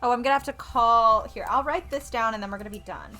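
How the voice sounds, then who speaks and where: A young woman streaming a video game, chatting casually and excitably and swearing freely. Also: a little high, fast, faint music behind.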